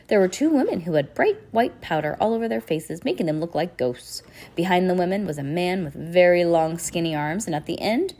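Brief: female storybook narrator, expressive read-aloud, slightly low pitch. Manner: expressive reading with varied pace.

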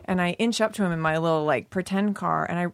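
A middle-aged woman telling a story in casual chat, animated and swearing freely. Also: on the low side, fast, creaky, slight background noise. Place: Los Angeles.

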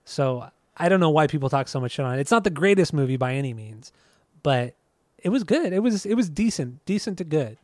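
Relaxed rambling podcast man. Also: fairly high pitch, a little fast, no room sound, clean studio sound. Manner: relaxed, rambling, many restarts, laughs often. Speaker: podcast co-host. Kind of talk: casual chat.

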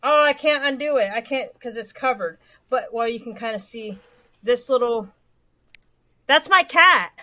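Bright-voiced woman chatting casually. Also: fairly high pitch, expressive, measured pace, dry recording. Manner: rambling, hesitant, many fillers. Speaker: guest. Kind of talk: casual livestream chat.

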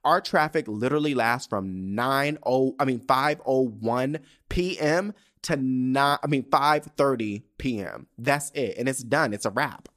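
A man's voice: medium pitch, unhurried, few pauses, a bit bright. A man from San Diego hosting a podcast, telling a story in a brash, campy, profane casual monologue full of restarts. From San Diego, California. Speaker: podcast host.

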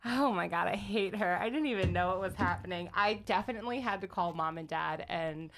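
A woman from the Baltimore, Maryland area co-hosts a podcast with her sisters, chatting casually, rambling and often laughing. Her voice is lowish and fairly quick.

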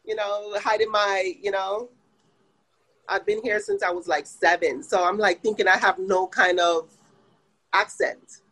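Husky-voiced Jamaican woman spa owner. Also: mid-range voice, steady tone, unhurried, fairly bright tone, low-quality recording. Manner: explains plainly, many fillers. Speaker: day spa owner, guest. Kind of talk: casual interview answers.

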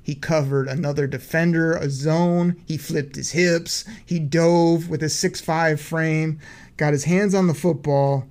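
An excited man hosts a casual sports podcast, walking through game plays from his notes like play-by-play. His voice sits a touch higher than most men's. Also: a little slow. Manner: hyped play-by-play recapping from notes. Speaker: podcast host.

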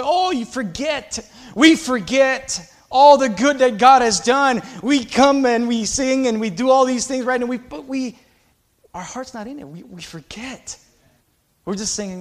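A male pastor preaching a sermon with passion, swinging between loud exhortation and quiet, confiding asides. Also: extremely high pitch, expressive, unhurried.

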